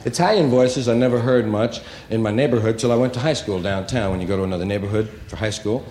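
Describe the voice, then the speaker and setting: A man doing a stand-up comedy routine, telling rambling, profane, animated stories. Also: lowish voice, fast talker, big-room sound, a little hiss or hum.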